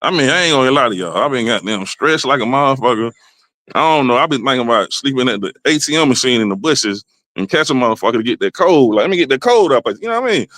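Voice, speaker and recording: A man hosting a comedy podcast with a loud, rowdy monologue, dropping to low mutters and jumping to high exclamations. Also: no echo. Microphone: desk mic, livestream.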